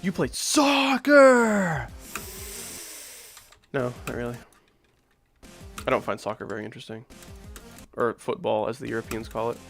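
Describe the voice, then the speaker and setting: A man's voice: medium pitch, flat delivery, a little fast, creaky, long pauses, soft background music. A man in his thirties streaming a game from home, chatting loosely with viewers and answering chat between plays, full of filler words. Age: 30s. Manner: rambling, many "like" fillers, reacts to chat mid-play. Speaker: streamer playing requested game levels.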